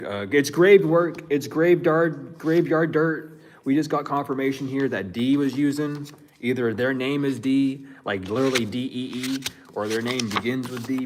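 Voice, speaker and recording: A man in the middle of his usual range gives a casual psychic reading straight to his viewers. His delivery is loose and slangy, full of chuckles and restarts as he thinks aloud, with a faint hiss behind him. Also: mid-range voice. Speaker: psychic reader.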